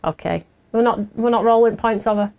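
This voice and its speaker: A fairly high-voiced woman hosts a live craft shopping stream. She chats loosely with her viewers and often breaks into giggles at her own stories. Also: a little fast, creaky, darkish tone. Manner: chatty and giggly, laughs at herself often. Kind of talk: casual live chat with viewers.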